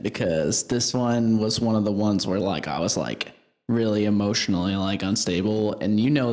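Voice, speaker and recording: A man who is a guest musician in casual podcast chat, relaxed and halting. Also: lowish voice. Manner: relaxed and halting, with many fillers.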